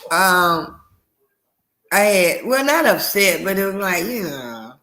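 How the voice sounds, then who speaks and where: A woman's voice: fairly low pitch, lively intonation, takes it slowly, sharp tone. A woman co-host in casual chat, talking in a rambling way with frequent restarts and easy laughter.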